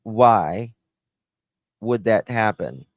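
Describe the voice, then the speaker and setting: Slow, blunt sarcastic man. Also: fairly low pitch, expressive, no echo, clean studio sound. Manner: blunt and sarcastic, dismissive of claims. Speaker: live-stream commentator. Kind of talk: casual true-crime commentary to a live chat.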